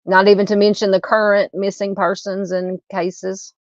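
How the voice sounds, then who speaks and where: Her delivery is flat and her pace normal: a medium-pitched Southern US woman in her fifties hosting a true crime live stream. She reads comments and chats with viewers informally, with frequent fillers and restarts, on a muffled recording with no room sound.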